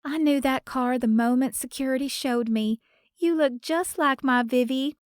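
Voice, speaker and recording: A woman's voice: normal speed, dry recording, studio quality, lightly acted. A woman narrator voicing an effusive, folksy grandmother in her sixties with a lyrical Southern accent, in an audiobook. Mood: delighted. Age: 60s. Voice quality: lyrical, higher and brighter. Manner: effusive, folksy, playfully bossy. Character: warm older Southern grandmother, former star singer.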